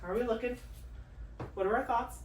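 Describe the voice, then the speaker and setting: Excitable woman gushing, echoey room. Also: on the high side, a little fast, heavy background noise. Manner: gushing, excitable, filler-heavy with many likes and gasps. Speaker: crafting vlogger. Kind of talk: casual unboxing chat. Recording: echoey room, mic at a distance.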